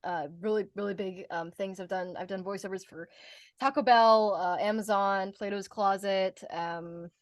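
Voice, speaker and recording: A young American woman chatting as an interview guest about her voice-over work, animated and giggly, with many fillers and restarts. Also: mid-range voice, normal speed, no echo, clean studio sound. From United States. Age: young adult. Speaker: guest, voice actor and speaker. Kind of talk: casual interview chat.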